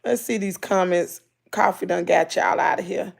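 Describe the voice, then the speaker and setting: This Mississippi woman speaks with a Southern accent, her voice fairly low and creaky at a normal speed. She runs a casual livestream, reading comments aloud and telling lively stories peppered with country slang and loud laughter.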